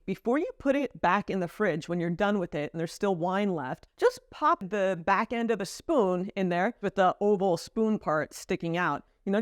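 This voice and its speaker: A woman's voice: mid-range voice, dry recording, clean studio sound. An American woman in her thirties, chatting lightly and explaining things in a casual vlog to camera. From United States. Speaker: vlogger. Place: home in France.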